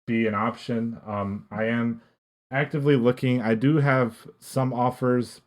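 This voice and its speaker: A man's voice: medium pitch, fairly even intonation, unhurried. A young man and podcast guest, telling a casual story in a rambling way with many restarts. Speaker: podcast guest, esports coach.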